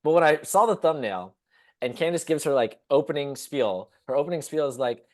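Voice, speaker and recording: A man co-hosting a podcast, telling stories casually, laughing often and acting out quotes. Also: fairly quick. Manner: animated storyteller, acts out quotes in high squeaky voices, laughs often. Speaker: podcast co-host.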